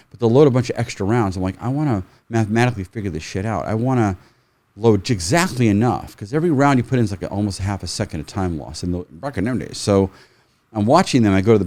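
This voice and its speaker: Low-voiced man telling animated stories. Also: no echo. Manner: animated, swears, acts out quotes. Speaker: firearms trainer, podcast guest. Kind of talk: casual storytelling.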